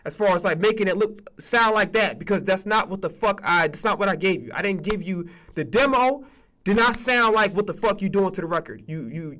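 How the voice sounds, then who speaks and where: A man's voice: high voice, a bit bright. A man telling a story in a profane, frustrated casual rant full of restarts. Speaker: streamer telling a studio story.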